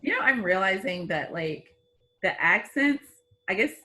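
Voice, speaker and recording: A woman's voice: mid-range voice, animated, a little slow, sharp tone. A woman from the United States, musing casually in a video call chat, with many fillers.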